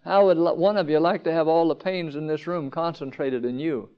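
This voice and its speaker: Preacher, male, high-pitched, shifts between emphatic peaks and quiet asides, lo-fi sermon tape. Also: fairly even intonation, fairly quick, smooth. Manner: rhetorical questions, rising to emphatic peaks then dropping low. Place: campground meeting.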